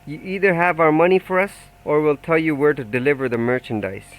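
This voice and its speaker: A man's voice: a little high, fairly quick, pitched above the performer's own voice, close to an everyday voice, rough recording. A man voicing a menacing male debt collector for a crime gang in an audiobook, making threats in a mock-friendly, taunting way. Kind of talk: audiobook character voice.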